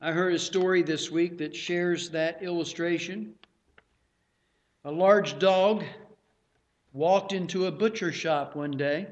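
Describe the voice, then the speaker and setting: Male pastor, unhurried pulpit delivery, higher voice. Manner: slow, unhurried preaching with pauses and restarts. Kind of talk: sermon.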